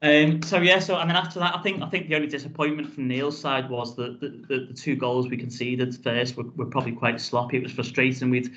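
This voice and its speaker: A man speaks as a guest on a podcast, recounting events casually in a fairly level, even tone. He rambles and restarts his phrases, filling gaps with "um" and "you know". The audio is dull and lo-fi. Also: mid-range voice, brisk, few pauses. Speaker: football club chief executive. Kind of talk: casual storytelling in a podcast interview.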